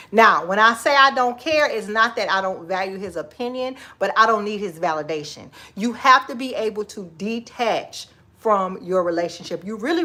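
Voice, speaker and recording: A forties-aged livestream host with a medium-pitched voice talks casually from her kitchen, full of sass and expression. She laughs a lot, hands out advice, calls her viewers "girl" and "baby," and speaks with Southern Black American vernacular turns.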